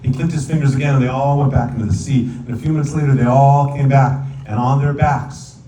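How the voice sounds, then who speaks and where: A rabbi telling a folk tale as a sermon, lively and playful, now and then singing verses in Hebrew. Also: male voice, mid-range voice, a little fast. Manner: animated storyteller, sings Hebrew verses. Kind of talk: storytelling sermon. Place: synagogue sanctuary. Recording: echoey hall, distant mic, faint room noise.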